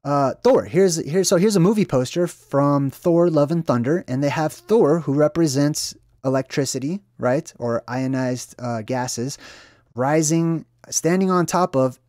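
A man hosting a video, explaining symbolism in a relaxed monologue. He talks straight to viewers, with frequent fillers and tag questions. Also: on the high side, a little slow, no room sound, clean studio sound. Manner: conversational, frequent "right?" and "um" fillers. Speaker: video host. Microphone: own mic after a sound check.

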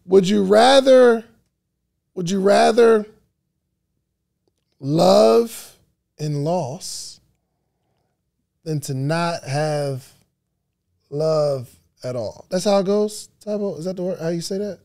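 A man's voice: sits high, expressive, slow, creaky, long pauses, darkish tone. A man hosting a live-stream podcast, reacting animatedly to the chat and stretching out his questions. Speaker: podcast host.

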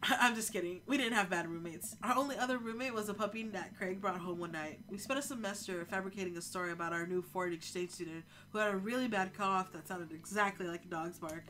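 A woman's voice: mid-range voice, a bit bright, pitched below the performer's own voice, lightly acted. A woman voicing a jokey, sentimental middle-aged father. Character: doting, corny middle-aged dad.

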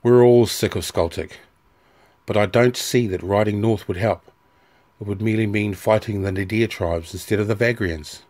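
A man voicing a tired, even-tempered stocky soldier in an audiobook. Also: fairly low pitch, moderate pace, close to an everyday voice. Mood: weary. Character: weary, loyal male soldier, stocky.

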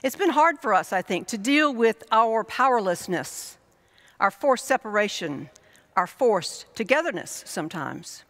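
A woman pastor delivering a reflective sermon in a measured way, building her points through lists and repetition. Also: a little high, animated, fairly bright tone. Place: church. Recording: long reverb of a church hall.

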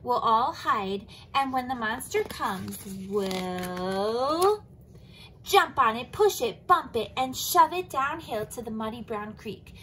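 A woman voicing a sleepy male elephant in a storybook read-aloud, calm and commanding. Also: fairly high pitch, drawn-out words, slight background noise, heavily acted.

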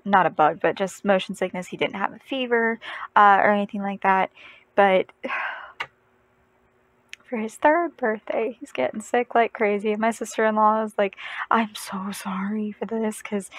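A woman's voice: medium pitch, no echo, rough recording. A young adult woman telling a rambling family story in a casual vlog, often correcting herself and laughing. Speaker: vlogger.

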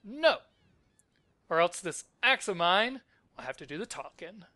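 A man's voice: high voice, animated, normal speed, bright, forceful tone, no room sound, pitched above the performer's own voice, heavily acted. A man voicing a blunt, threatening male knight commander who gives orders.

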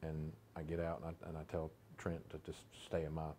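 Very deep, flat-voiced sheriff. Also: male voice, brisk, a little hiss or hum. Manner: reflective, hesitant with fillers. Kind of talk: documentary interview recollection.

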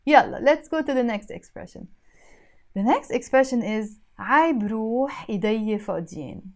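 A woman with a Lebanese accent teaching a spoken language lesson, saying each phrase, then repeating it slowly and breaking it down word by word. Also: a little high, expressive.

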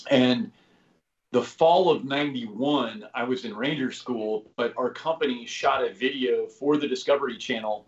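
A man's voice: medium pitch, measured pace. A man in his fifties, a guest telling stories in a casual interview, rambling with lots of "you know" and "like" and casual swearing. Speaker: guest, former special operations soldier. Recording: roomy, slightly dull podcast audio.

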